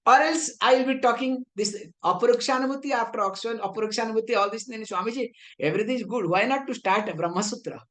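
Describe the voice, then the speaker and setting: A woman with an Indian English accent teaching a spiritual philosophy class in a conversational tone, often asking her listeners whether they understand. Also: mid-range voice. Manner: conversational, rhetorical checks for understanding. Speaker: Vedanta teacher.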